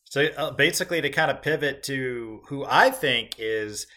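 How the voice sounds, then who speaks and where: A man's voice: medium pitch, animated, moderate pace, pushed and bright, a little hiss or hum. A man co-hosting a podcast, chatting casually and enthusiastically, with lots of filler words. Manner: enthusiastic, rambling with many "like" fillers. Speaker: podcast co-host. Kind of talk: casual chat.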